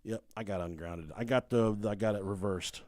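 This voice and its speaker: A man co-hosting a podcast, telling a story in a casual, animated way, laughing and swearing freely. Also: lowish voice, moderate pace, no echo, clean studio sound. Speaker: podcast co-host.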